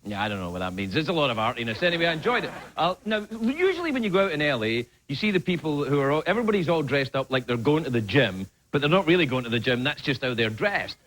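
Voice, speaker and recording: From a TV studio stage before a live audience, a man hosting a late-night talk show delivers a jokey stand-up monologue. He's animated and silly, slipping into put-on voices, speaking fast on the high side with few pauses. There's slight background noise.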